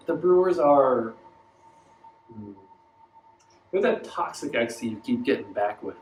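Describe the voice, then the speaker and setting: A man's voice: mid-range voice, echoey room, poor audio. A man ranting about his baseball team in a casual vlog, profane and exasperated, acting out mocking voices as he goes. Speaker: baseball fan vlogger.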